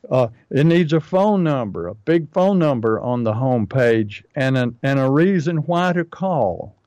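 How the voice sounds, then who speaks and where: A man co-hosting a talk show, pressing his business advice with emphatic repetition. His voice sits a little high. The recording is dry and slightly dull, with no room sound. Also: a little mellow, no echo. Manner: emphatic and repetitive, drives points home.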